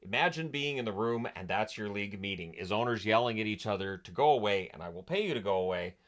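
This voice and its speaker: A man's voice: on the low side, lively intonation, quick pace, a bit bright. Sarcastic, chatty man telling history. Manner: sarcastic, amused, chatty with many fillers. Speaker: hockey history channel host. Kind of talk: casual history storytelling vlog.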